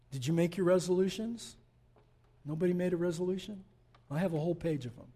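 A man preaching a sermon as pastor, speaking in slow, emphatic phrases that build in volume. He addresses the congregation directly. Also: on the high side, dark tone, slightly rough.

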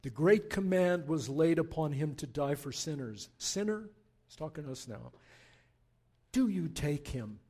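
A man preaching a sermon as pastor, passionate and urgent, dropping to a hushed, soft prayer. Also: fairly high pitch, expressive, unhurried. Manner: impassioned preaching, swinging from loud urging to hushed prayer. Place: church.

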